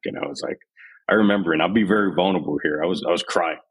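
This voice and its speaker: A very deep-voiced man in his forties from San Antonio, Texas, appears as a podcast guest in a candid storytelling interview, his voice husky in grain. He recounts his army years with animation, slipping into the voices of people he quotes, speaking very fast on poor audio.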